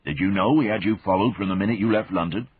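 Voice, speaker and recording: A man's voice: lowish voice, quick pace, breathy edge, no echo, voice pushed up. A man voicing a wary, deferential burly soldier. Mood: placating. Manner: respectful, placating, addresses listener as sir and lord. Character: big burly male soldier turned spy, wary, deferential. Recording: phone-like narrow band.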